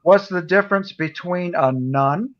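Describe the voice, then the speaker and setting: A man's voice: high voice, a little slow. Joking man on dull call audio. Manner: joking, laughs at his own jokes. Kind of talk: casual group chat.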